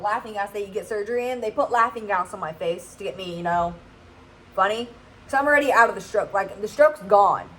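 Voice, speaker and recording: A woman's voice: mid-range voice, low-quality recording. A woman, telling a casual storytime vlog and often checking in with "okay?". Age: 20s. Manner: chatty, keeps asking "okay?". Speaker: vlogger.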